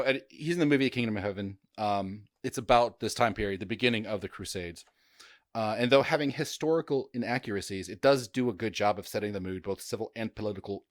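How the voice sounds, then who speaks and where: A man's voice: lowish voice, no echo, clean studio sound. A man hosting a casual history podcast, chatty and jokey, with frequent fillers and stumbles over names. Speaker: podcast host.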